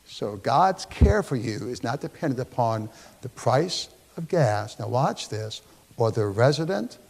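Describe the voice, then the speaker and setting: A man's voice: medium pitch, gravelly, slightly rough. A man pastor giving a Bible study sermon in a church, talking in a conversational, emphatic way and often checking in with his listeners. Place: church sanctuary. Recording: long reverb of a church hall.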